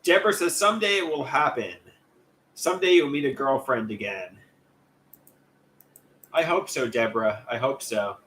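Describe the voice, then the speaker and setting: A man's voice: mid-range voice, lively intonation, normal speed, pauses often, fairly bright tone. A man hosting a casual livestream, rambling and chatty as he reads out viewer comments and greets them by name. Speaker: livestream host.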